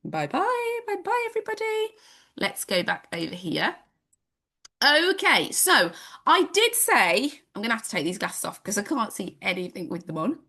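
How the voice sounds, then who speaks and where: A woman's voice: mid-range voice, big pitch swings, moderate pace, pushed and bright, husky. A woman, teaching an online nature class for children over a video call in a bubbly, sing-song manner. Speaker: home education teacher.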